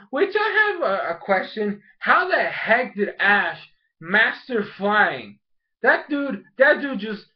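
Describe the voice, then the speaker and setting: A young man casually reviewing an anime episode, rambling and animated, acting out the characters' lines as he goes. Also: sits high. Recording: dull lo-fi sound.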